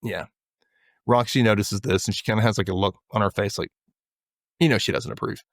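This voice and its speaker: A man's voice: on the low side, brisk, no room sound, studio quality. Man animatedly recapping a TV episode. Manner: animated retelling, acts out characters' lines. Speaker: podcast host. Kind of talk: casual TV recap chat.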